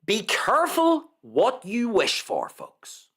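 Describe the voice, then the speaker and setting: A man hosting a live show, reading the news aloud with heavy sarcasm. His pitch swoops dramatically up and down, and he takes his time over each phrase, repeating lines in mock reverence. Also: wildly swooping pitch, slow pace, fairly bright tone. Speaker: host.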